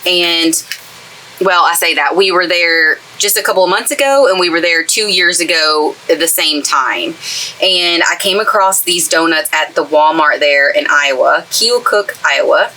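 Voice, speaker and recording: Bright, chatty woman. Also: lowish voice, unhurried, poor audio. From East Texas. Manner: chatty, gushing and enthusiastic. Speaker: craft channel host. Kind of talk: casual craft tutorial chat. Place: craft space in a camper trailer.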